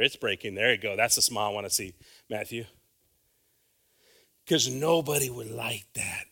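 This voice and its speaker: A man preaching a bilingual sermon, swinging from hushed asides to loud calls and repeating phrases. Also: medium pitch, vocal fry.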